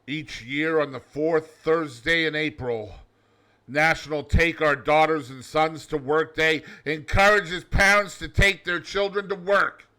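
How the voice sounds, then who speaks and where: A man hosting a daily comedy show in a loud, over-the-top alter-ego persona, reading facts and telling jokes. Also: a little high, steady tone, a little slow. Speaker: host.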